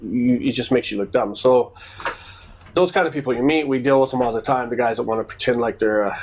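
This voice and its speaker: A man's voice: mid-range voice, fairly quick, slight background noise, low-quality recording. A man chatting casually on a podcast, telling stories and acting out the people in them. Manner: animated storyteller acting out quoted exchanges. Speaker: podcast co-host. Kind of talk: casual storytelling chat.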